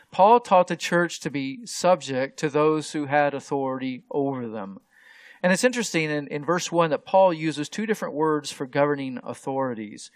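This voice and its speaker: A male pastor delivers a verse-by-verse sermon in a medium-pitched voice. He works through the text carefully, repeats himself as he restarts phrases, and leans hard on the words he wants to stress. The sound is close and dry, with no room echo. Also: lively intonation, normal speed. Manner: explanatory, with frequent restarts and stressed key words. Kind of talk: expository sermon.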